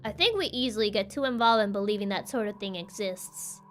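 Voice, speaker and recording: A composed professional detective speaks in a measured, reassuring way, as a woman voices the role while reading game dialogue. The delivery is calm and steady. Her voice stays bright even when pitched a little lower. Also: faint music behind, close to an everyday voice.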